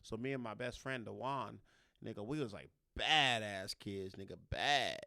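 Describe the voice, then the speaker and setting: A man with a gravelly, bright voice tells a story in a relaxed podcast chat. He swears freely, laughs often and jumps into loud bursts when he acts out what happened. The sound is dry and close. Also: lowish voice, moderate pace, no room sound. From Los Angeles. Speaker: podcast host.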